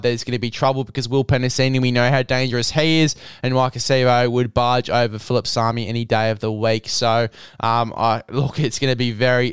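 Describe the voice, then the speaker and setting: A man's voice: medium pitch, smooth, dry recording. An Australian man hosting a casual rugby league tipping chat, blokey and matey. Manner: matey, blokey, says mate a lot.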